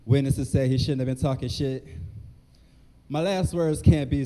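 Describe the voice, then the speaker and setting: A man performing a stand-up set, soft-spoken and dry at a live comedy venue. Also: mid-range voice, steady tone, moderate pace, rough recording.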